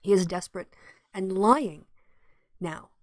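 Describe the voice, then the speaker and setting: A woman's voice: mid-range voice, slow, no echo. A woman hosting a solo political commentary show, talking indignantly and reading news aloud with her own asides.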